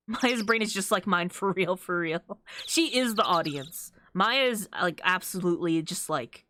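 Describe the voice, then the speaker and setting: A woman's voice: lowish voice, expressive, measured pace, pushed and bright, slight background noise. A woman streamer giving playful, giggly commentary while playing a game.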